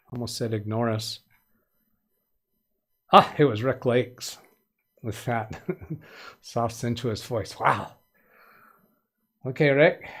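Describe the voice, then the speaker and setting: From a home studio, a man hosts a casual tech-help livestream in a medium-pitched voice. He's chatty, greets viewers by name, and slips in light puns.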